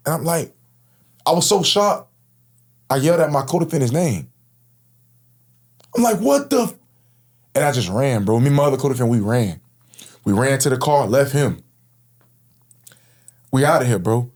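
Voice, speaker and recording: A man in his thirties from Florida tells his own story as an interview guest. He speaks casually and earnestly, dropping "bro" into his sentences, in an ordinary mid-pitched voice. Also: animated, moderate pace, long pauses, darkish tone.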